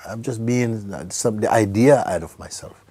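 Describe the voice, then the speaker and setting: A man giving a spiritual talk to a gathering, speaking gently, often laughing and sometimes dropping into a whisper. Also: fairly low pitch, unhurried, breathy edge. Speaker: spiritual teacher.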